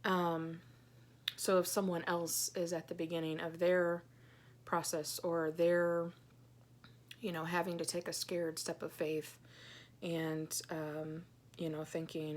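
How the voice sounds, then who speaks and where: Soft, hesitant woman in her thirties. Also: lowish voice, little pitch movement, slow pace. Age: 30s. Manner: soft, hesitant, many ums; earnest and heartfelt. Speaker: Christian blogger. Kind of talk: personal vlog, reading her own journal aloud.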